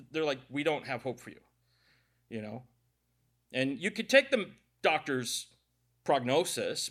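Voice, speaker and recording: A man's voice: medium pitch, vocal fry, a bit bright. A middle-aged man preaching a conversational sermon to a church gathering, telling personal stories with jokes and speaking directly to the congregation. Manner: jokey storytelling, addresses the congregation directly.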